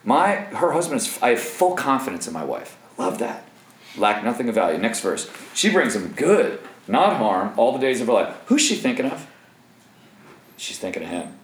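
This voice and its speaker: Animated joking preacher man. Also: mid-range voice, normal speed, reverberant, rough recording. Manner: animated, jokey preaching with asides. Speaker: pastor. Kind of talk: sermon.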